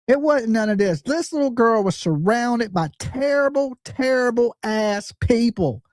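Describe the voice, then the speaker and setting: A woman's voice: fairly high pitch, expressive, a little slow, darkish tone, no room sound, clean studio sound. Blunt woman true crime host. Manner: blunt and emphatic, swears, fires rhetorical questions at viewers.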